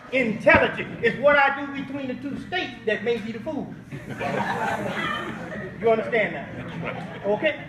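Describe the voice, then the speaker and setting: High-voiced older man preaching call-and-response. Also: very noisy. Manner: emphatic call-and-response with rhetorical questions. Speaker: guest speaker. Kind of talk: Islamic preaching at an awards banquet. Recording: echoey hall audio from a distant mic.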